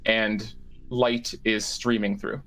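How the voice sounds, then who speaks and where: A man's voice: lowish voice, level tone, takes it slowly, fairly bright tone, rough recording. A man running a tabletop game as game master, describing rooms with lots of fillers and self-corrections.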